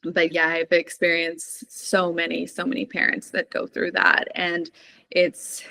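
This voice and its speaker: A woman's voice: lowish voice, monotone, unhurried, vocal fry, bright, forceful tone. A woman, a doula hosting a podcast, responds in an appreciative way and thinks aloud, restarting her sentences. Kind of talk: casual podcast conversation.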